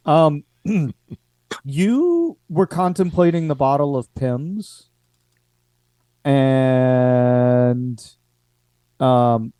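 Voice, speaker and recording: A man's voice: medium pitch, very slow, long pauses, smooth, no echo. Man narrating as game master, dry sound. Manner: relaxed, hesitant, many ums. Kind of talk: narrating a tabletop horror game.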